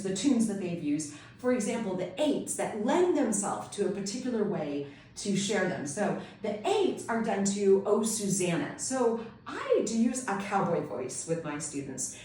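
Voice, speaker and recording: A woman's voice: mid-range voice, a little mellow. A woman homeschool tutor explaining classroom teaching ideas in an upbeat, enthusiastic way for an instructional video. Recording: very echoey room, distant mic.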